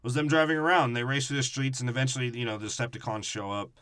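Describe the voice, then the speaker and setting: A man's voice: mid-range voice, fast, fairly bright tone, smooth, no room sound, studio quality. A man co-hosting a podcast, recapping a movie in a crude, mocking casual chat and breaking into silly voices. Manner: profane, mocking, slips into silly character voices. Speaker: podcast co-host.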